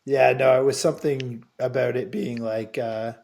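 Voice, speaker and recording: A man's voice: medium pitch, normal speed, gravelly, crowd noise. A man from Canada, a guest on a podcast, chatting casually and joking around. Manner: jokey, animated banter. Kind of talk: casual chat.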